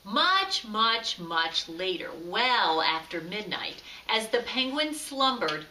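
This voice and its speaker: A woman reading a children's story aloud in a slow, expressive way, recorded from a distance in an echoey room. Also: mid-range voice, slight background noise. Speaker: storybook reader. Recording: echoey room, far from mic.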